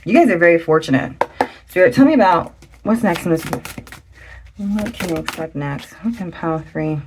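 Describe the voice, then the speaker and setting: Excitable woman doing a tarot reading. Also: on the low side, normal speed, background noise. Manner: chatty and excitable, breaks into laughs and exclamations. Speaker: tarot reader. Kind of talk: casual tarot reading to camera.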